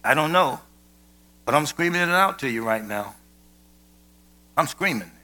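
A man preaching a sermon with emphasis, rising to shouted peaks and dropping to low, quiet asides. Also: animated, unhurried.

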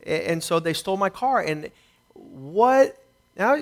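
A middle-aged man preaching a sermon, telling a personal testimony and swinging between quiet reflection and rising intensity. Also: high-pitched, lively intonation, unhurried.

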